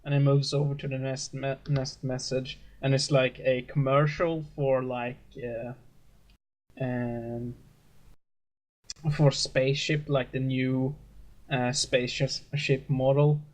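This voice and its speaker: A man narrating a tabletop role-play as game master, halting and full of hesitations. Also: mid-range voice, little pitch movement. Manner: hesitant, many fillers and restarts.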